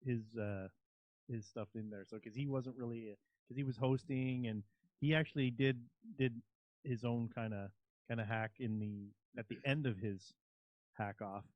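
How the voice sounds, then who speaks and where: Co-host: a mid-pitched man, relaxed, who stumbles and restarts, heard on dry, muffled audio. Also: dry recording. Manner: relaxed, halting, stumbling over words. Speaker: radio co-host and producer. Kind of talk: casual radio banter.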